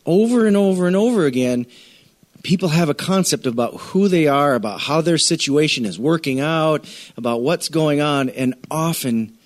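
A man's voice: a little high, animated, normal speed. A middle-aged man preaching a sermon in a conversational way, acting out scripture scenes and speaking straight to the congregation. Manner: conversational preacher, acts out scripture voices, addresses congregation directly. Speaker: pastor.

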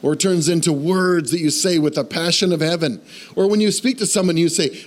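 A male pastor with a fairly high voice preaches a sermon in church. He's lively and conversational, frequently putting questions to the congregation, and alternates quick bursts with slower, emphatic phrases.

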